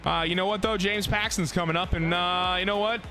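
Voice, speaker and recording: A man giving live gameplay commentary, excitable and full of profane trash talk. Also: high voice, fairly quick, faint music behind. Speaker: gaming YouTuber.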